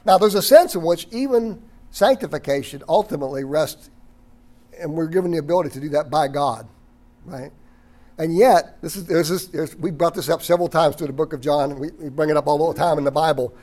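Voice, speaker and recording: A man teaching a Bible study lecture, reading passages aloud, stressing key words and often clearing his throat. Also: on the high side, fairly quick, a little mellow. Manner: emphatic on key words, occasional chuckle.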